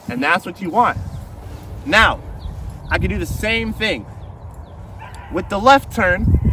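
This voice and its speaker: A man's voice: high-pitched, bright, forceful tone. A dog trainer, a man, explaining step by step while walking a dog outdoors. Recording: distant outdoor audio with background noise.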